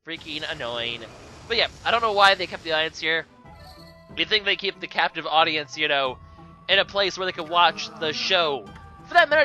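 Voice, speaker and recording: Young guy rambling over a game, kinda high bright voice, sarcastic, faint music behind. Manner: rambling, sarcastic asides, lots of fillers. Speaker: let's play commentator. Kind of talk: casual gameplay commentary.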